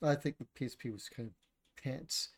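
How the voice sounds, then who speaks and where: A man's voice: mid-range voice, normal speed. A man co-hosting a casual chat about video games, blunt and opinionated, swearing and laughing often.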